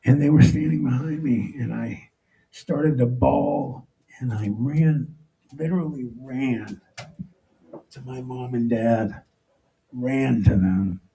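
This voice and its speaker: Middle-aged male storyteller at a live talk, with a dark, gravelly tone and a halting, emotional delivery. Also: mid-range voice, poor audio. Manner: emotional, halting, with frequent restarts. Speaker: speaker telling his own story. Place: stage before a live audience.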